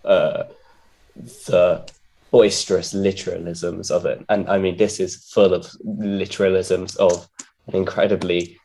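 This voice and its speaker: A man's voice: low voice, little pitch movement, a little slow, mellow. A man in casual conversation, hesitant and full of fillers as he searches for words about lyrics.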